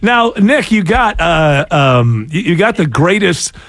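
A man's voice: high voice, sing-song, slow, a bit bright, no echo. A man hosting a radio show, joking and bantering with guests. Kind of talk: casual radio talk.

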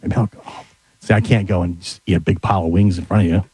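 A man's voice: sits low, fairly even intonation, fast talker, darkish tone, breathy edge, no room sound. A man co-hosting a casual radio show, playful and teasing in the banter. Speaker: radio co-host.

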